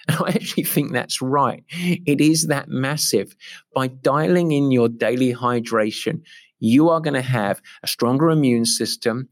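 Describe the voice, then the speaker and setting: A man's voice: medium pitch, measured pace. A middle-aged man, an endurance coach, explaining a training approach with emphatic, repetitive enthusiasm. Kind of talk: podcast-style coaching explanation.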